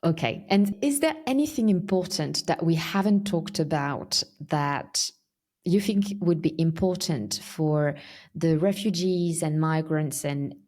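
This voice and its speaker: A woman hosting a podcast, asking questions in a warm, conversational way. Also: low-pitched, measured pace. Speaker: podcast host. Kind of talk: podcast interview.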